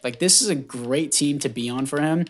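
A man giving casual commentary on a football video game, chatty and thinking out loud, often stumbling over names and correcting himself. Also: medium pitch, normal speed. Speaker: gaming YouTuber.

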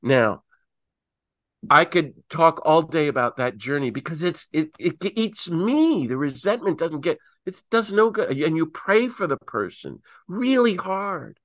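A middle-aged man, a priest and peace activist, telling stories animatedly and acting out quotes with big swings in pitch, on a video call. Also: big pitch swings, unhurried, dry recording, clean studio sound. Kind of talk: animated talk answering questions.

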